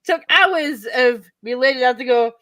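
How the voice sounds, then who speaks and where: A woman's voice: high-pitched, lively intonation, moderate pace, sharp tone, no echo. A woman hosting a casual group video chat, giggly and self-mocking, often breaking into laughter. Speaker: host.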